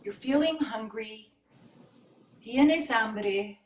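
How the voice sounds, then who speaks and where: A woman improvising a scene over a video call, insistent and teasing, saying the same thing again and again. Her voice is high and slow. She sounds far from the mic, in an echoey room with faint noise. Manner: insistent, teasing, repeating herself. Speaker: improv performer.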